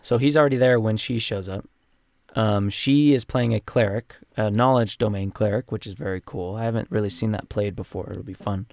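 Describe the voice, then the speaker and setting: A man's voice: fairly low pitch, brisk, creaky, darkish tone, no echo. A young man co-hosting a casual podcast, recapping a tabletop campaign in a rambling way with many fillers. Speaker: podcast co-host and player.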